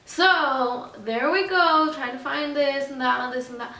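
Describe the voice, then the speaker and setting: A young adult woman telling a rambling, animated story in a casual vlog, acting out what others said. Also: sits high, unhurried, far from the mic. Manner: rambling, animated retelling that acts out other people's lines. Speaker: vlogger. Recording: echoey room, voice a bit off-mic, faint music.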